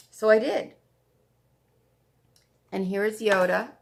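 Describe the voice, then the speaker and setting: Slow, gravelly woman chatting about stitching. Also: mid-range voice. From Canada. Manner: chatty, gushing, repeats herself. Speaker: flosstube host. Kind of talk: casual show-and-tell chat.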